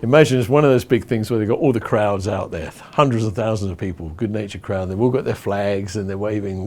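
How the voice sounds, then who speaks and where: A man's voice: fairly low pitch, fairly quick, hardly any pauses. English man teaching on stages of worship. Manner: storytelling, acts out crowd chants loudly. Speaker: worship leader.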